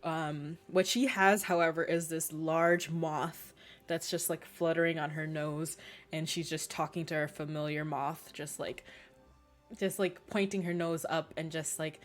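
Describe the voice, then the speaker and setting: A woman's voice: sits low, fairly even intonation, unhurried, soft background music. A young woman narrating a tabletop game as game master, hesitant with many fillers.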